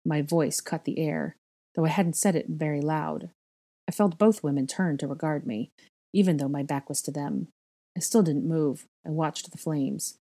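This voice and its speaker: A woman reading a first-person story aloud in a measured, quiet way. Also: deep voice, fairly even intonation, husky. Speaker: reader of a fan fiction story.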